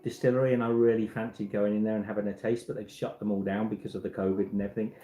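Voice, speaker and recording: A man's voice: fairly low pitch, little pitch movement, rapid-fire, warm tone, reverberant, poor audio. A man hosting a casual livestream from a home, rambling and chatty, restarting and repeating words as he goes. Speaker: walking-trip vlogger and livestream host. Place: indoors in a home.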